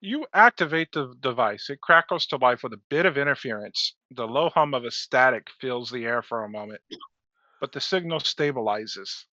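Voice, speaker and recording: A man narrating a tabletop game as game master, relaxed and hesitant with many fillers, heard over a dull online call. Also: mid-range voice, normal speed, no echo.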